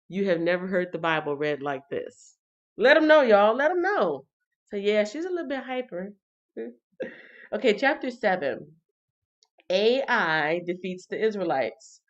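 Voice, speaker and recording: A woman's voice: medium pitch, dull audio. A woman hosting a casual livestream Bible reading, chatting straight to her viewers. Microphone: computer or phone mic on a livestream.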